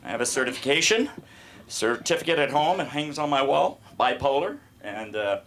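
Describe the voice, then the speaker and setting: A man's voice: medium pitch, animated, moderate pace. A man doing self-deprecating stand-up on a club stage, quizzing the crowd. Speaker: stand-up comic. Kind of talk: stand-up comedy.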